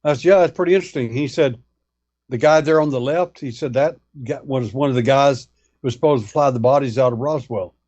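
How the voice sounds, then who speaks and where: A man's voice: mid-range voice, fairly quick, a little mellow, dull audio. Folksy man spinning a story. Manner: folksy, acts out dialogue in retelling. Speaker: guest, alien abduction researcher. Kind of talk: storytelling anecdote.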